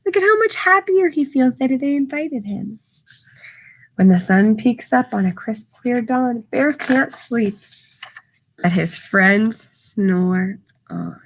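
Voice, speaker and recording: A woman reading a picture book aloud to children, stopping to explain words in simple terms and adding lively asides and sound effects. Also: fairly high pitch, slow.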